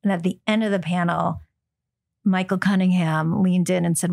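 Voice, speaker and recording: A middle-aged American woman, a book editor, chatting in an interview, full of ums and quick restarts. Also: lowish voice, steady tone, gravelly, darkish tone. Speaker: book editor, podcast guest. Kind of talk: casual interview chat.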